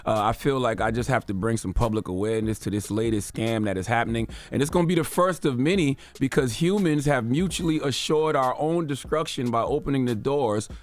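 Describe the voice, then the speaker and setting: A man's voice: mid-range voice, fairly quick, few pauses. A man hosting a radio show, delivering an emphatic, sarcastic commentary rant. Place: radio studio.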